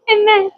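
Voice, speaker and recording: Emotional woman book vlogger, high voice, close and dry sound. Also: no echo, narrow, tinny audio. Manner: gushing, emotional, reads passages aloud. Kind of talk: casual reading vlog.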